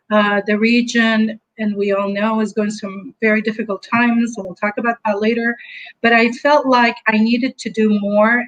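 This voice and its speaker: A woman speaking as a managing director answering interview questions in a measured, businesslike way over a video call. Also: medium pitch, low-quality recording.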